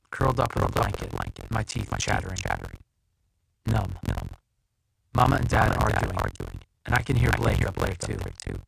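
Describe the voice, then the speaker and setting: A man narrating an audiobook in first person, with a measured, tense, dramatic reading. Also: on the low side, gravelly. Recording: loud background hiss.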